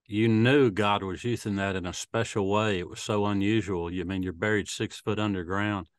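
A male interview host who asks halting questions full of fillers. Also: fairly low pitch, fairly even intonation.

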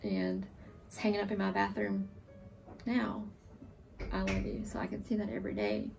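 A woman in her forties, a surviving military spouse, giving an emotional, earnest testimonial, sometimes halting. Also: mid-range voice, big pitch swings, vocal fry, far from the mic, over music. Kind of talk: testimonial interview.

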